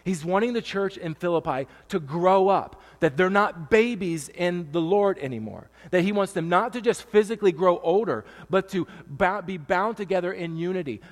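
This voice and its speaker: A pastor in his thirties preaches from a church stage, his voice sitting fairly high for a man. He talks in a loose, emotional, conversational way, full of fillers and restarts. A long reverb trails after his words in the hall. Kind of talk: sermon.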